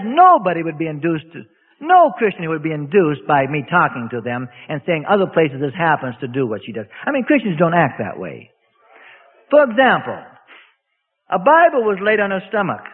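A man's voice: sits high, husky. A man preaching a sermon as a pastor, emphatic and folksy, arguing his point with his listeners. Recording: tinny radio broadcast with long hall reverb.

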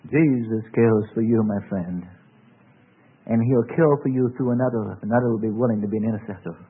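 A man's voice: fairly low pitch, brisk, breathy edge. A man preaching a sermon in a rising and falling cadence, asking the listeners repeated questions. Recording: tinny phone-like old recording.

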